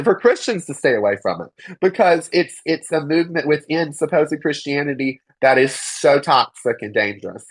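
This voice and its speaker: A young adult speaking with blunt, indignant emphasis, slipping into mocking impressions of others. The voice sits at an ordinary middle pitch. The recording is dry and close, with no room sound. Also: husky, no room sound, poor audio. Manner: emphatic, indignant, swears freely and mocks others in quoted voices. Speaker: interview guest. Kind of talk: candid personal testimony.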